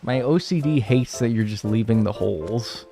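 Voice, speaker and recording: A man's voice: fairly low pitch, normal speed, creaky, warm tone, faint music behind. A man streaming a speedrun and chatting casually with viewers, rambling, joking and swearing freely. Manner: rambling, profane, jokey banter with chat. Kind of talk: casual livestream chat while playing.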